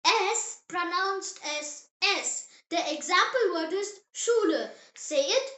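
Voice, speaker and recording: A German language teacher giving a scripted beginners' lesson, speaking slowly and enunciating each example word, in an upbeat, encouraging manner. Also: extremely high pitch, expressive, sharp tone, echoey room. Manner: slow, deliberate enunciation, repeating example words for the listener.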